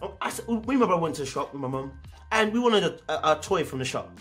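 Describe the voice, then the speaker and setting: A man with a London accent giving a casual, animated commentary as a show reviewer, slipping into slang and acting out parents. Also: fairly high pitch, fast, soft background music.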